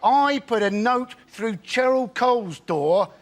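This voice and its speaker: A man's voice: extremely high pitch, animated, takes it slowly. A man on a comedy panel, telling dry joke stories that build to punchlines. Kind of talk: stand-up style panel jokes.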